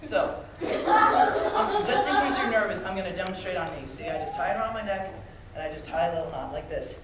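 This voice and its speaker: Brisk and very animated, his high-pitched voice carries a lively magic show for children at a camp, full of jokes, banter with the kids, and calls for volunteers. It's recorded from afar in an echoey hall with a loud, noisy crowd.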